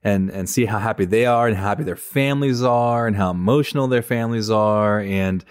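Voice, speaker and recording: A male faculty member co-hosting a casual chat, telling stories in a relaxed, teasing way with plenty of fillers. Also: lowish voice, brisk, smooth, no echo, clean studio sound.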